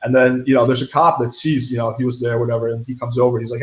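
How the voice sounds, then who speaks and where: A man's voice: mid-range voice, level tone, quick pace, dull audio. A young man telling a story in a casual interview, blunt and profane, full of fillers like "like" and "right". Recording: echoey room.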